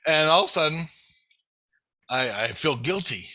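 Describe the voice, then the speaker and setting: A middle-aged man telling a rambling childhood story in casual chat, swearing constantly and acting out his own shouted thoughts. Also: a little high, moderate pace. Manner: animated, swears constantly, shouts quoted self-talk. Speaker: storyteller guest.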